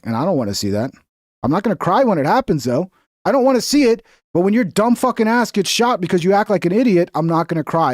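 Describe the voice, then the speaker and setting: A man's voice: mid-range voice, a little mellow, dry recording, studio quality. A man streaming casual commentary on clips, blunt, profane and mocking as he rants.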